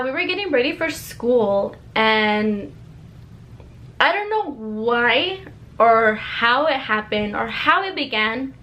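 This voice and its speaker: Chatty young woman telling a story. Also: a little high. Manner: chatty, animated, fills with "like". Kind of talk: casual storytelling to camera.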